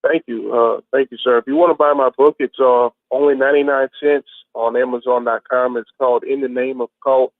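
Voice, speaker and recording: Author guy on a tinny phone line, eager, says things slow and careful, dry sound. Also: mid-range voice, steady tone, no room sound. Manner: eager, spells things out slowly. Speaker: author plugging his book. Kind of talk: casual phone chat.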